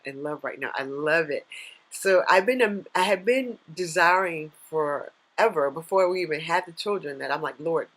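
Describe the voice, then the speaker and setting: A woman in her thirties, working as a life coach, gives an earnest, faith-based motivational talk on a live stream, breaking into excited bursts. Her voice is lowish, and the recording quality is low.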